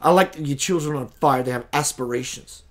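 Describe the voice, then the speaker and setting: A middle-aged man hosting a spiritual live show, telling stories in a lively way, acting out the voices he quotes, and greeting viewers by name. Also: mid-range voice, brisk. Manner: animated storyteller, acts out quoted voices, reads out viewer names. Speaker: spiritual talk show host. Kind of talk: casual live-stream monologue.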